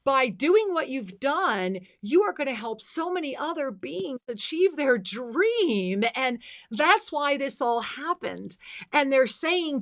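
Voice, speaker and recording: A woman's voice: sits high, sing-song, slow, a bit bright. A woman hosting a live spiritual call-in show, speaking in an effusive, blessing-filled way and calling listeners endearing names.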